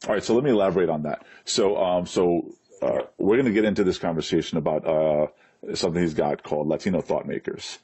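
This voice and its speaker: A man hosting a casual interview, speaking in a relaxed, hesitant way with many fillers. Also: low voice, quick pace, slightly rough. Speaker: interview host.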